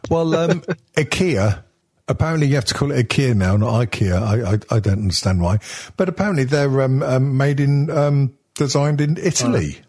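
A man's voice: mid-range voice, lively intonation, normal speed, darkish tone, breathy edge. A man chatting casually on a podcast, jokey and full of banter, often swearing. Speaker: podcast co-host. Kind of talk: casual chat.

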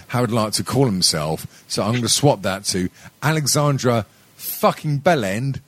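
A man's voice: mid-range voice, expressive, normal speed, no echo. A middle-aged man hosting a podcast, telling a story in a rambling, sweary way and laughing often. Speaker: podcast host. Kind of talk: casual comedic chat.

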